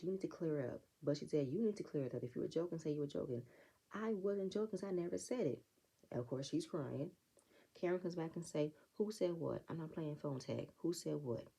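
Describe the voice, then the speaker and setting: A woman with a low, gravelly voice gives a casual recap of a reality show. She is blunt, sassy and profane, and calls out the cast by name. Her tone is dark and a bit husky. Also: rough recording.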